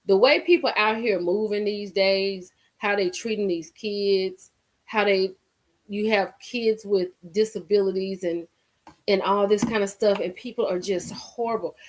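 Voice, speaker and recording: A woman hosting a casual live stream, reacting to viewer comments in an animated way. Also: mid-range voice, measured pace. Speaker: livestream host.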